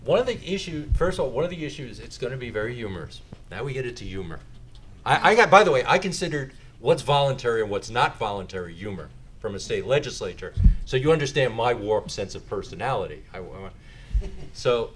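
A man giving a lecture and taking audience questions, making joking asides as he explains. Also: medium pitch. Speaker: lecturer on sales tax.

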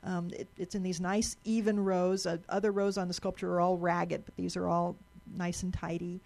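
A woman's voice: fairly low pitch, level tone, normal speed, gravelly, a little mellow. A woman giving a live presentation to an audience in a lecture room, chatty and explanatory, often restarting and repeating words.

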